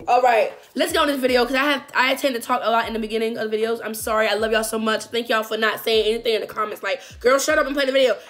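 A woman's voice: fairly high pitch, fairly even intonation, rapid-fire, hardly any pauses, fairly bright tone, faint music behind. A woman hosting a reaction video, chatty and rambling, laughing often. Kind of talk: casual reaction commentary.

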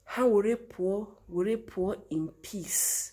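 A woman's voice: medium pitch, unhurried, a little mellow. Earnest Nigerian Igbo woman lamenting. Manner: earnest, lamenting, rhetorical questions. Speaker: commentator. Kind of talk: impassioned monologue mixing Igbo and English.

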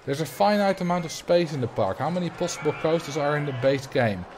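A man's voice: on the high side, animated, a little fast, darkish tone, a little hiss or hum. A young man from the Netherlands with a Dutch accent, chatting loosely on a livestream and answering his chat as he plays. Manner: rambling, reads chat aloud and answers. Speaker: streamer.

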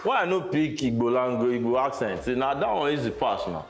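Animated, laughing young Nigerian man. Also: medium pitch, brisk, over music. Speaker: game contestant. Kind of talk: playful game banter.

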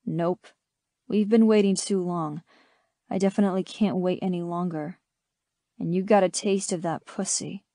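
A woman's voice: medium pitch, steady tone, moderate pace, mellow, no echo, studio quality, lightly acted. Woman reading an earnest young male lover. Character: intense adoring young man, lover.

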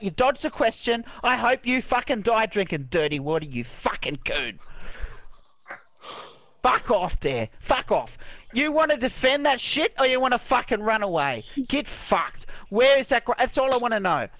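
A man's voice: high voice, fairly bright tone, dry recording. A man ranting angrily and swearing heavily in game voice chat, repeating himself over a headset. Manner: angry, ranting, repetitive, heavy swearing. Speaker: online game player.

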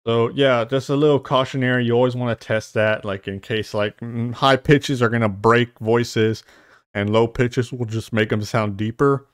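A man's voice: medium pitch, fairly even intonation, moderate pace, smooth, dry recording, studio quality. A young man casually explaining voice-changer settings in a rambling tutorial, swearing now and then. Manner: rambling, casual, curses lightly. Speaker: host. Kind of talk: software tutorial. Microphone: studio mic with noise suppression.

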